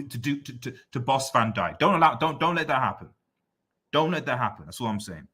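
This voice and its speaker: This is casual live-stream chat: a man reads viewers' comments and responds with a teasing, repetitive, excitable rant. His medium-pitched voice is brisk and slightly rough.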